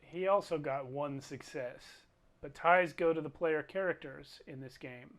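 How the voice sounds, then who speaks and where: Slow-talking man running a tabletop game. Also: a little high, fairly bright tone. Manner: unhurried, thinks aloud over rules. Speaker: game master.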